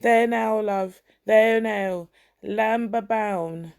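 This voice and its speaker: A woman reading a story, voicing a frantic, protective young mother who coos softly to her crying baby. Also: medium pitch, extremely slow, gravelly. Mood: cooing.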